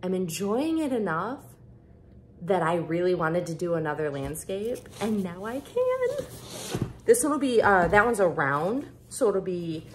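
Gushing woman with a lively voice. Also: on the low side, a little hiss or hum. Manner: bubbly, gushing excitement with fillers. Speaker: craft vlogger. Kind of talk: casual unboxing chat.

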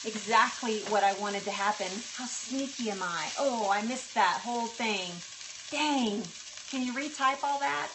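A woman with a fairly high voice and a measured pace hosts a live cooking stream from her home kitchen, chatting in a bubbly way with viewers, talking to the food, and thanking people warmly. Faint sizzling and stirring come through a noisy background.

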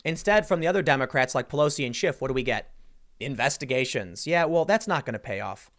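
A man hosting a casual political commentary show, talking in an animated, incredulous way with many restarts. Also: mid-range voice, fast talker.

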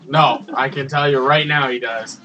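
A man's voice: medium pitch, steady tone, normal speed, sharp tone, soft background music, low-quality recording. A man with a Michigan accent, teasing his friends in a casual gaming chat. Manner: wry, teasing banter.

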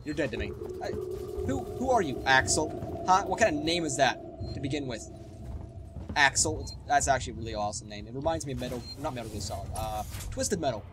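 A young man doing let's play commentary, sarcastic and excitable, swearing freely. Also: mid-range voice, brisk, noisy background. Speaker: gaming YouTuber. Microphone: webcam setup. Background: game music and sounds.

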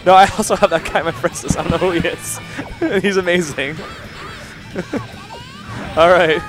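A young man doing live, joking, profane commentary on a fighting-game match at a tournament, yelling at big plays. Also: high voice, steady tone, moderate pace. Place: gaming tournament venue. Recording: live stream with crowd noise and music.

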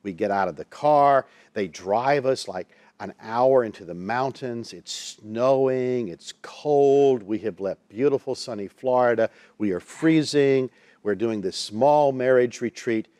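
A man tells a personal story in a studio interview, his voice at an ordinary middle pitch. He is lively and expressive, slipping into the voices of the people he quotes. The sound is dry and close, with no room echo. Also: unhurried. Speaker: Christian counselor and minister, guest.

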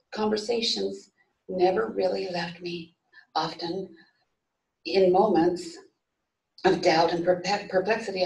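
A woman reading a story aloud at a memorial service, in a steady storytelling manner with small restarts. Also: medium pitch, creaky. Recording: echoey room, voice from far off.

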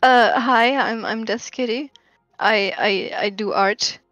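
A woman's voice: on the high side, slow pace, fairly bright tone, no room sound, dull audio, faint music behind. A woman, an artist joining as a player, chatting with stammering enthusiasm and lots of giggles. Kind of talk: casual chat.

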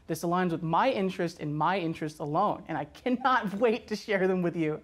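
A woman's voice: on the low side, brisk. A woman presenting a slideshow in a comedy show with mock seriousness. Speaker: segment presenter.

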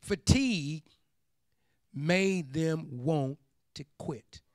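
A pastor preaching a sermon, repeating phrases for emphasis and building up to shouts. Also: male voice, on the high side, drawn-out words, dry recording, clean studio sound.

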